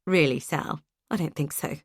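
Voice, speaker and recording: A woman's voice: low voice, moderate pace, creaky, husky, no echo, clean studio sound, heavily acted. A woman doing a scornful, controlling husband. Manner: contemptuous, belittling. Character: cruel, controlling man, ambitious husband.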